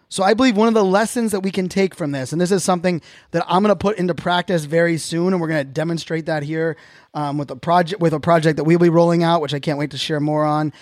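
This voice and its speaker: A man's voice: high voice, no room sound, clean studio sound. A man hosting a casual solo podcast, talking earnestly and reflectively in loose, self-correcting sentences. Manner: earnest, openly reflective, talks in loose restarts. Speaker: podcast host.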